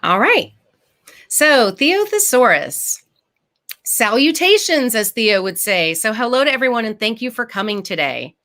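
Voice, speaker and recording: A woman author giving a live storytime over a video call, reading her picture book with lively expression and stopping to explain words simply for children. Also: a little high, normal speed.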